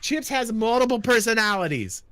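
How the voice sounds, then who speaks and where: An American man hosting a livestream chat, teasing and theatrical in an excitable way. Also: very high-pitched, moderate pace, no room sound. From United States. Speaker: stream host.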